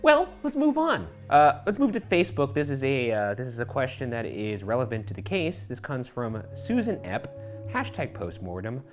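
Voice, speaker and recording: A young man talks in lively, playful banter as co-host. His pitch swings widely and he laughs often. Faint music plays underneath. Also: normal speed. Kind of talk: casual banter.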